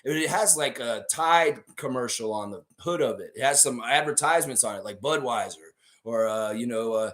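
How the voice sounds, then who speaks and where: A young man with a hoarse voice hosting a live stream, rambling animatedly through stories and chat with his viewers. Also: mid-range voice, normal speed, hardly any pauses, fairly bright tone.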